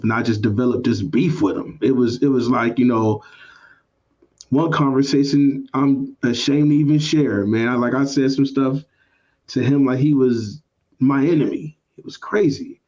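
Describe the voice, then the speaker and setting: A man's voice: mid-range voice, darkish tone, muffled recording. A man co-hosting a podcast, reflectively telling a personal family story with many "you know" fillers. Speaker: podcast co-host.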